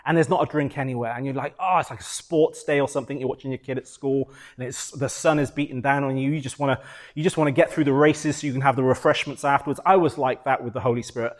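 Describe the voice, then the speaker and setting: A middle-aged British man, a pastor, preaching a sermon and telling his own story with lively ups and downs, acting out his prayers. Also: medium pitch, fast.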